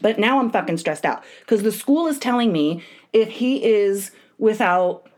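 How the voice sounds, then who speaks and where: Profane, animated woman telling a story. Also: medium pitch, measured pace. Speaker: podcast co-host. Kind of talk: casual chat.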